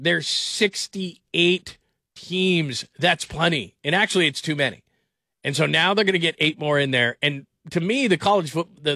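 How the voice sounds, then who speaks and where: Sports talk host, male, middle-aged, emphatic rant, slightly high voice. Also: sharp tone, no echo, clean studio sound. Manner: emphatic, ranting, repeats words for stress. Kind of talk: opinionated sports commentary monologue.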